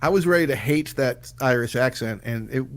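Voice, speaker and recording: Analytical man reviewing a movie. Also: mid-range voice. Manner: measured, analytical, history asides. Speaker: podcast co-host. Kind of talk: casual movie review chat.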